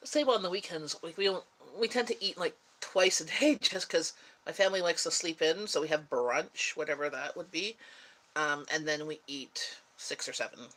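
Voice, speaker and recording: A middle-aged woman, tired and yawning as she hosts a relaxed, rambling live-stream chat with her viewers. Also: low voice. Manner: rambling, relaxed, chatty with pauses. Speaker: livestream host chatting with viewers.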